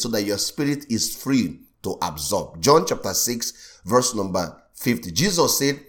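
A middle-aged man preaching a sermon as pastor, animated, often acting out the voices of the people he quotes. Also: on the low side.

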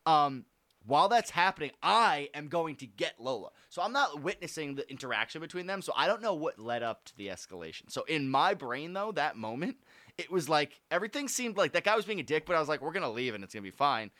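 A man telling a story in casual, animated chat, swearing freely. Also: on the high side, a little fast, no echo.

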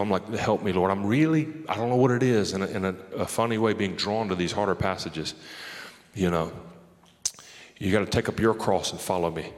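A man preaching a sermon in a loose, conversational way, often laughing and talking straight to the crowd. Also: sits low. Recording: long hall reverb.

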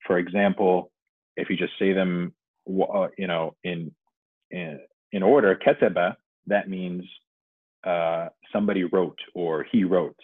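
A man's voice: deep voice, little pitch movement, a little slow, husky, no echo. A man as a podcast guest, explaining things thoughtfully at length in casual conversation. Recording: dry, phone-like remote audio.

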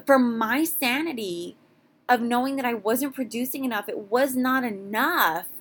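A woman's voice: on the high side, measured pace, husky. A young woman talks on her own podcast in a loose, candid way. She rambles and stumbles over her words, backs up and starts her sentences again. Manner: candid, rambling, frequent restarts. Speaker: podcast host. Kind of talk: casual solo podcast talk.

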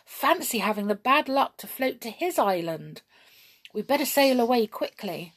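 A gentle little brownie fellow who can't bear to see anyone cry, as a woman voices him in a storybook reading. His voice is high, breathy and lively, with a warm eagerness. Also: moderate pace. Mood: reassuring. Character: Hop, kind male brownie, gentle and caring.

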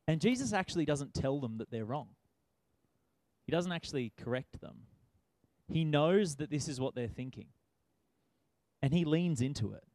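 A man's voice: mid-range voice, mellow, no echo. A man preaching a sermon in a conversational way, asking rhetorical questions.

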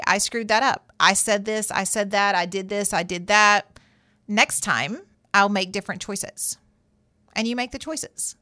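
A woman's voice: mid-range voice, fairly bright tone, no room sound, clean studio sound. A woman therapist hosting a show, giving advice in a conversational, emphatic way and acting out people's inner voices. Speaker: therapist host. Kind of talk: advice monologue.

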